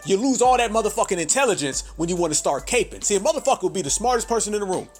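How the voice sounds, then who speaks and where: High-pitched man ranting profanely. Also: animated, rapid-fire, hardly any pauses, faint music behind. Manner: profane, emphatic, addresses listeners as family. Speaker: podcast host. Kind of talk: ranting commentary.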